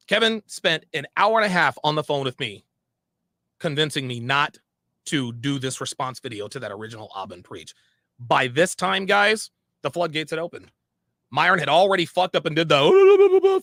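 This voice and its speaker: Animated, gravelly man telling a story. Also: fairly high pitch, normal speed, dry recording, studio quality. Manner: animated, profane, acts out quoted conversations. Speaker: podcast host. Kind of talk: heated storytelling monologue.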